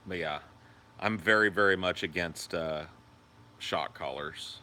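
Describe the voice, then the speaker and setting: Deep bright-toned man chatting on a stream. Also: a little slow, a little hiss or hum. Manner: rambling, profane, answers viewer comments; high sing-song baby talk to his dog. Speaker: livestream host. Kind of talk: casual livestream chat.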